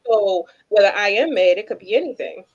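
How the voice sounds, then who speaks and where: A woman's voice: mid-range voice, animated, brisk, breathy edge, muffled recording. A woman co-hosting a casual podcast chat, reading listener comments aloud and steering the topics. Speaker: podcast co-host.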